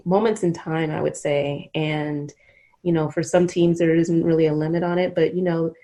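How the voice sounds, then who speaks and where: A woman's voice: sits low, dark tone. A middle-aged woman hosting a podcast interview, talking in an earnest, reflective, rambling way. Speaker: podcast host. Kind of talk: emotional conversational interview.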